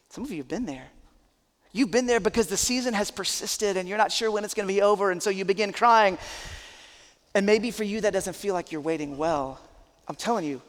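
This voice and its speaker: A man's voice: high voice, moderate pace, in a large hall. A man, a pastor, preaching a sermon in an earnest, conversational, emphatic way.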